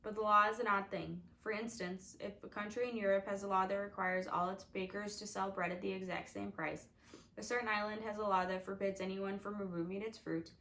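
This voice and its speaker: A woman's voice: medium pitch, fairly bright tone, poor audio. A woman narrating a storybook with wry, confiding asides to the reader. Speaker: audiobook reader.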